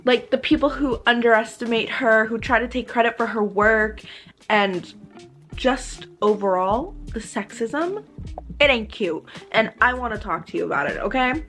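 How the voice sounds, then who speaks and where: A young woman vlogging casual reactions while reading, ranting in an animated, exasperated way. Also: a little high, moderate pace, soft background music. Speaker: book vlogger.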